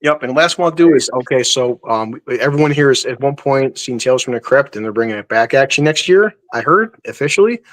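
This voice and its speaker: A man's voice: mid-range voice, animated, quick pace, few pauses, fairly bright tone. Swearing man retelling a horror story. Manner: swears often, acts out scenes. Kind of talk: casual chat.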